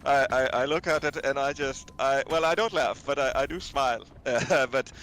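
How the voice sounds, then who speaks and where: A man's voice: mid-range voice, fairly bright tone, slight background noise, lightly acted. A man putting on a German accent to play a naive, easily amused German office worker who keeps chuckling. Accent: put-on German. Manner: giggly, halting, chuckles through his story.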